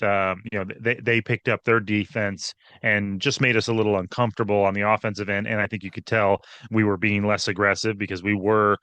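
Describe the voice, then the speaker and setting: A man co-hosting a basketball recap show, breaking down the game in an animated, casual way with frequent restarts. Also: fairly low pitch, clean tone, no room sound. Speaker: podcast co-host. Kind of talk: casual sports analysis chat.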